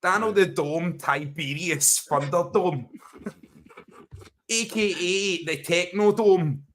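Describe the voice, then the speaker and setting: A man's voice: high voice, slow pace, a bit bright, slight background noise. A man teasing and laughing often in casual banter on a live stream, over a video call. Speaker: co-host.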